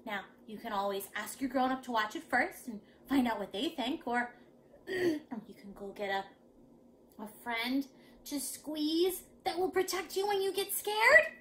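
A woman reading a picture book aloud to young children, dramatic and lively. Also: high-pitched, measured pace, a little hiss or hum. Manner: animated, dramatic. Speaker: children's storyteller.

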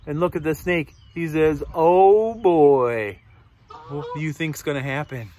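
A man's voice: a little high, brisk. A man reading a picture book aloud to children, stopping to ask them questions. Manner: animated, asks listeners questions. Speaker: storybook reader.

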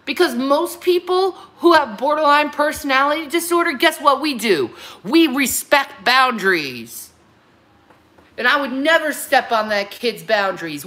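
A woman's voice: sits high, sharp tone. A woman in her thirties hosting a livestream, answering her critics in a heated, confrontational rant and often repeating herself. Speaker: livestream host.

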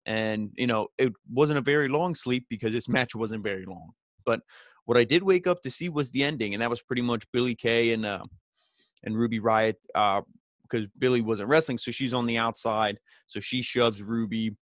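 A man's voice: mid-range voice, moderate pace, no room sound. A man hosting a podcast, giving a casual, rambling recap full of "you know" fillers and paraphrased quotes. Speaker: podcast host.

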